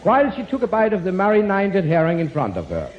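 A man's voice: sits high, huge pitch swings, quick pace, lo-fi sound. Playful man on a noisy old radio broadcast. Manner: playful, swapping numbers into words, chuckling. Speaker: comedian and pianist. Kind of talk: comic monologue reading.

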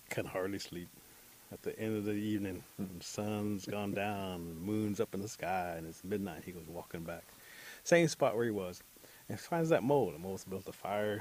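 A man telling a folk tale aloud in an animated, chatty way, with asides to his listener. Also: on the low side, slight background noise, poor audio. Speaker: storyteller. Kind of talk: oral folk storytelling.

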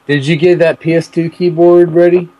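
A man making a prank phone call, rambling and crude in a deadpan way. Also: fairly high pitch, moderate pace. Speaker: prank caller.

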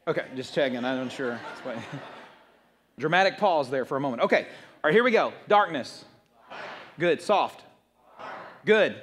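Lively pastor preaching to his congregation. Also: high voice. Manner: lively, playful, addresses congregation directly. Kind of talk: sermon. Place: church auditorium.

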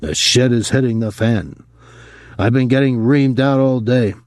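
A man voicing a gruff middle-aged boxing-club trainer who talks bluntly in weary street slang, quieter and lower than his narration. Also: measured pace, dry recording, clean studio sound, close to an everyday voice.

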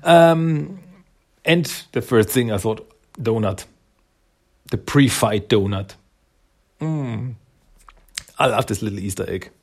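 Slow, gravelly-voiced man recapping a comic. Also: mid-range voice. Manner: rambling, many fillers, acts out character lines. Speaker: comic book reviewer.

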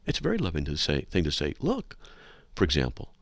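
A man's voice: very deep voice, huge pitch swings, fast talker, creaky, no echo. A man hosting a talk radio show from a studio, lecturing sarcastically and reading listener emails aloud. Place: radio studio with a control room window.

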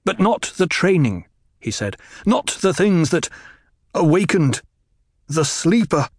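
A man's voice: sits high, sing-song, takes it slowly, slightly rough, no echo, clean studio sound, heavily acted. An actor playing an anguished young man who is cold, bitter and intense, in a radio drama. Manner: intense, rising to cries.

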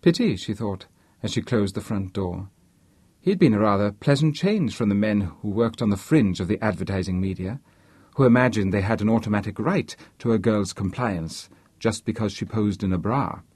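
A man reading a novel aloud as audiobook narration, in an expressive storytelling manner. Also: lowish voice, normal speed, breathy edge, dry recording.

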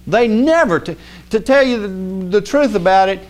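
Male preacher, folksy conversational sermon, slightly high voice, swings from hushed to emphatic. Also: normal speed. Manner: animated, rising to emphatic outbursts.

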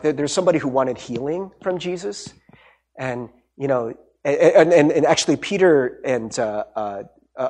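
A pastor preaching in an easy, conversational manner, a man with a somewhat husky, slightly raised voice. His pitch rises and falls freely as he drops in quick asides and light jokes between his points. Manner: conversational, warm-humored preaching with restarts and asides. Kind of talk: sermon.

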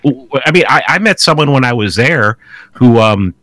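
A man's voice: mid-range voice, animated, normal speed, fairly bright tone, no echo. A man chatting as a podcast guest, telling rambling stories with lots of restarts. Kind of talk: casual chat.

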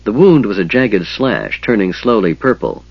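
A man narrating a fantasy audiobook with expressive storytelling. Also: fairly low pitch, moderate pace, creaky, slightly rough, no room sound, lo-fi sound.

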